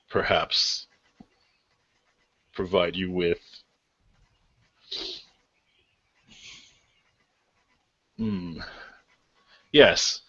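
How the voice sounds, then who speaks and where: A man voicing a grave male guardian of an ancient maze people, speaking slowly and formally. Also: lowish voice, fairly bright tone, highs cut off. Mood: bargaining.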